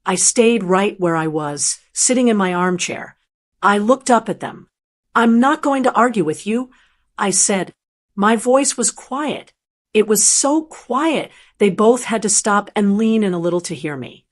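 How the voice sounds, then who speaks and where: Older woman, steady storyteller, measured scripted narration. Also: medium pitch.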